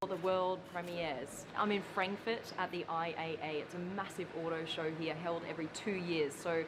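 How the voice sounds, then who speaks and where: Australian woman, car presenter, upbeat to camera, lowish voice, noisy show-floor background. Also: fairly even intonation, normal speed. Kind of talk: video presenting.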